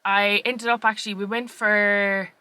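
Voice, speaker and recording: Young Irish woman, casual podcast storyteller, bright, dry close sound. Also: mid-range voice, level tone, a little slow, clear, resonant tone, no echo. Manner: chatty, rambling storyteller with many fillers. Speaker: podcast co-host. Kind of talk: casual chat.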